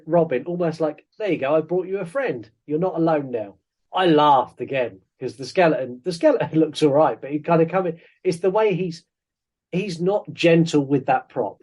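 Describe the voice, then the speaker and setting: Male podcast co-host, slightly high voice, rambling and jokey, casual film review. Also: a little mellow. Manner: rambling, jokey, self-interrupting.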